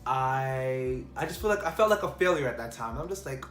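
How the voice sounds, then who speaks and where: A man's voice: medium pitch, animated, normal speed, hardly any pauses, a bit bright. A man vlogger telling a personal story in a casual, rambling way full of fillers. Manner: rambling, filler-heavy, restarts. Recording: echoey room.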